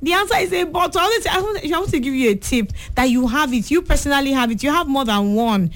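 Brisk woman hosting a kids' quiz. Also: high-pitched, animated. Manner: brisk and encouraging, repeats each question. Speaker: radio quiz show host. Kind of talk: call-in children's quiz hosting.

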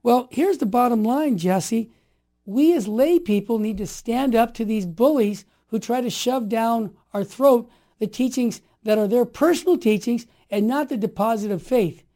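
A man in his sixties telling stories as an interview guest, emphatic and animated, building to forceful declarations. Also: very high-pitched, a little slow. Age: 60s. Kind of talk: impassioned conversational storytelling.

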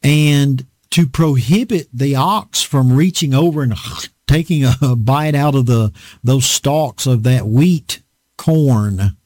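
A man's voice: medium pitch, takes it slowly, a little mellow, no room sound. A man with a Southern US accent preaching a sermon in a folksy, storytelling way, rambling with fillers. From American South.

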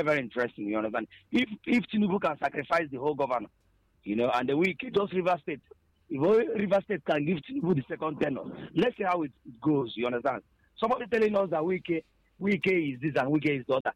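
A man's voice: fairly high pitch, slightly rough, dry recording, low-quality recording. A man with a Nigerian accent calling in to a radio show, making a heated argument full of rhetorical questions. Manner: rhetorical, asks "you understand?". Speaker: radio caller. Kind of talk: heated call-in opinion.

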